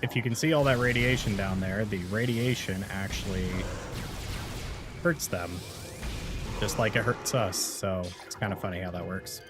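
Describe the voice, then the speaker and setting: A man with a very low voice talks his way through a game on a live stream, loose and chatty, greeting viewers as he plays. Game music plays clearly underneath him. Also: normal speed. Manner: casual, chatty, talks to chat while playing. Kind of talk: live gameplay commentary.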